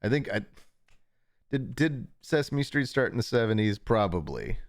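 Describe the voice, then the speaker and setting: A man's voice: medium pitch, sing-song, moderate pace, no echo, clean studio sound. A young man hosting a casual livestream from home, rambling along, chuckling and cutting himself off mid-thought. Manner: rambling, chuckling, self-interrupting. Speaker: livestream host.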